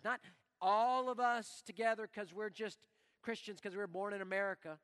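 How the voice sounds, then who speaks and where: A man preaching a sermon as pastor in a church, animated and acting out the prayers he quotes. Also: sits high, moderate pace, clean tone. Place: church sanctuary. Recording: long reverb of a church hall.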